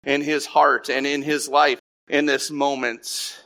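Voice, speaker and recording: A middle-aged man preaching a sermon, telling stories in an animated way with many restarts and asides to the congregation. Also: medium pitch, slow pace. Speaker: pastor.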